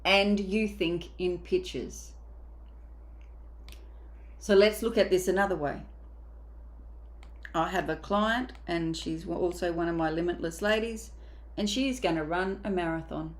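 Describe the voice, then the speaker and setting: A woman's voice: lowish voice, unhurried, long pauses. A woman mindset coach giving a motivational coaching talk, emphatic and casual, sometimes acting out inner voices.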